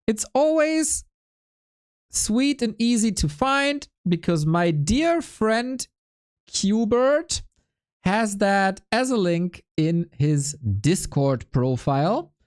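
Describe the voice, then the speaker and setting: A woman hosting a game stream talks slowly, with a lively rise and fall in her voice. She is laid-back and self-mocking, and laughs easily between remarks. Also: mid-range voice. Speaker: esports caster. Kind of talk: casual stream chat.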